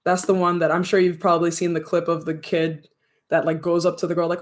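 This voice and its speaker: A young adult streamer chatting casually with viewers, rambling, slangy and quick to laugh. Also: medium pitch, level tone. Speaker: streamer and audio creator. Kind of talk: casual livestream chat with viewers.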